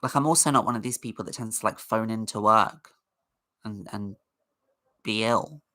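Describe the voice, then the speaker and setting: A woman's voice: a bass voice, moderate pace, sharp tone. A woman hosting a casual livestream, chatting in a rambling way and greeting viewers in the chat. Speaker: livestream host.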